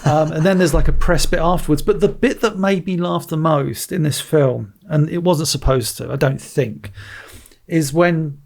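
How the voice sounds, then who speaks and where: A man with a high-pitched voice hosts a casual movie podcast. He tells the story in an animated way, stumbling and restarting as he goes. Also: moderate pace, creaky. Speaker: podcast host. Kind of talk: casual movie review chat.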